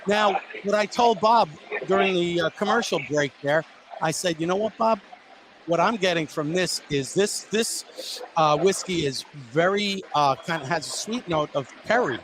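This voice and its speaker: A man's voice: high-pitched, moderate pace, background noise. A man co-hosting a casual cigar and whiskey tasting chat, describing flavors with enthusiasm. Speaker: co-host. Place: Las Vegas show floor.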